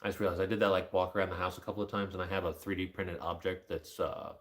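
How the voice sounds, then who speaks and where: A man's voice: flat delivery, fast. A man talking casually and jokily to the camera, rambling from one thought to the next. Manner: rambling, jokey, jumps into a high baby-talk voice for his dog. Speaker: vlogger. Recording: picked up through a building announcement speaker.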